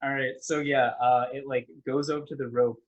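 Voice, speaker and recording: A man's voice: medium pitch, little pitch movement, a little fast, lo-fi sound. A man narrating a tabletop game as game master, in a loose, casual way with lots of restarts.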